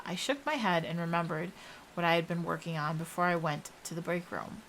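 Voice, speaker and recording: A young woman reads a first-person horror story aloud in a steady, even storytelling voice. Her voice sits a little low, with a faint hiss behind it. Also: rough recording. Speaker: narrator.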